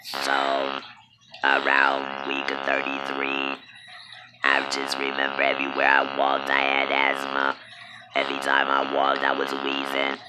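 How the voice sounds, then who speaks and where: A woman tells a personal story at a slow, unhurried pace, and her voice stays low and level. She talks in a halting way with many pauses and fillers. Loud background noise runs under the recording. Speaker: vlogger telling her birth story.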